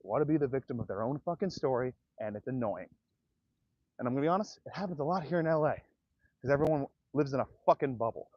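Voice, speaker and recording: A man's voice: medium pitch, fast talker, no room sound, muffled recording. A man livestreaming outdoors, ranting to his viewers in a profane, direct way. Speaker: comedian livestreamer. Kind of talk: livestream rant to chat.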